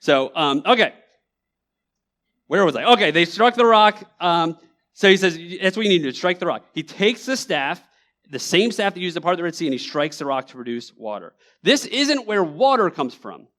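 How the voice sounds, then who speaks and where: A young man delivers a church sermon in a relaxed, talky way. He jumps up high when he acts out the people in the story, then drops low again. His voice sits a little high for a man. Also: normal speed. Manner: conversational, animated preaching with acted-out quotes. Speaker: pastor. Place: church sanctuary.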